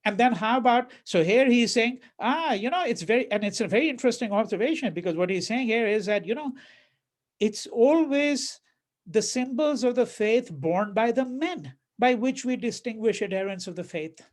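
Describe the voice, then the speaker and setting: A very high-pitched man with lively intonation lectures at a moderate pace. Addressing a university class conversationally, he repeats words, keeps asking "right?", and performs quoted verses mockingly.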